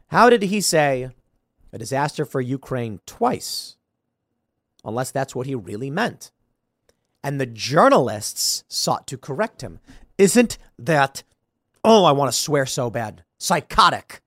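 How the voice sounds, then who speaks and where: A man's voice: fairly high pitch, sing-song, normal speed, no echo, clean studio sound. A man hosting a political commentary show, talking in an incredulous, ranting way and mocking people by imitating them.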